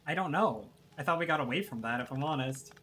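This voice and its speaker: A man's voice: on the high side, animated, quick pace, bright, forceful tone, slight background noise. A man playing a game with friends in casual chat, teasing and laughing often. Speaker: co-player.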